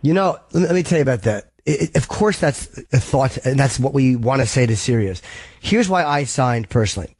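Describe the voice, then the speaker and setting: A man hosting a call-in radio show who gives blunt, frank, profane advice and keeps clearing his throat. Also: mid-range voice, lively intonation, brisk, a little mellow, no echo. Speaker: radio host.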